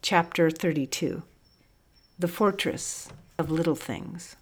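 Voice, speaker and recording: A woman narrating an audiobook in a calm, even way. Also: low voice, slow pace.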